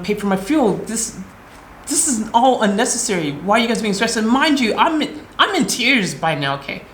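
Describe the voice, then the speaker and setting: An American woman vlogging, telling an upsetting story in an agitated, emotional way and acting out her own replies. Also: mid-range voice. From United States. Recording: roomy echo.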